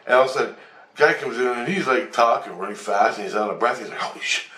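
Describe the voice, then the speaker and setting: A man telling a rambling story of a vision, excitable, swearing and acting out voices. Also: mid-range voice, fast, slight background noise. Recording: roomy, distant from mic.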